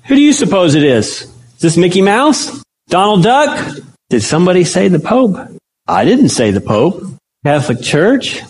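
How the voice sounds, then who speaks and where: High-voiced preacher asking the room questions. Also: male voice, poor audio. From United States. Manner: conversational, asks the audience questions. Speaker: pastor or Bible teacher. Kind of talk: sermon-style Bible study.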